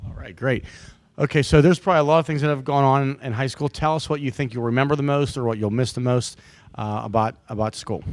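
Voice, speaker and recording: A man's voice: mid-range voice, steady tone, quick pace, few pauses, dry recording. A man interviewing students on camera in an upbeat, encouraging way. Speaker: prom interviewer.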